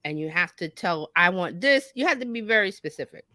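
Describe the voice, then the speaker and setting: Here the marketing coach speaks briskly in a lowish voice, captured on a dry recording. She's a woman talking casually on a talk show, lively and folksy, voicing small quoted bits as she explains.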